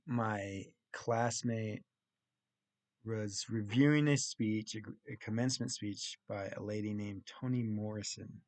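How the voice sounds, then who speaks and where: A young college guy talks through his week in a casual vlog, walking step by step through a story he heard in class. He takes his time with pauses and restarts. His voice sits a little low and sounds dry and close, with no room around it. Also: steady tone, a little mellow, no room sound. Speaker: college student.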